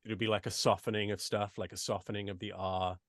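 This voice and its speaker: Man with an English accent, low voice. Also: level tone, a little fast, dry recording, studio quality. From United States. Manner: chatty, many restarts and asides. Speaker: voice actor guest. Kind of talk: casual interview chat.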